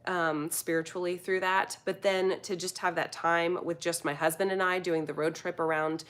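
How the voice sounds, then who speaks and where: Her voice sits lowish and comes across a bit bright, delivered flatly at a moderate pace. She's an American woman in her thirties, a food vlogger rambling on a live stream and reading out what viewers write.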